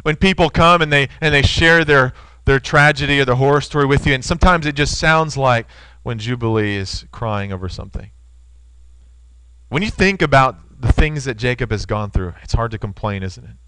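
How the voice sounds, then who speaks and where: A man's voice: medium pitch, moderate pace, sharp tone, clean tone, dry recording, low-quality recording. A man in his thirties preaching a sermon, earnest and storytelling, speaking to his listeners as friends.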